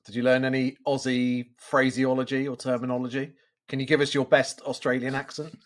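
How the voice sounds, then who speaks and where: A man's voice: mid-range voice, little pitch movement, a little fast. A man hosting a business podcast, asking questions and affirming his guest in a friendly way. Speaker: podcast host. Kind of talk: business interview.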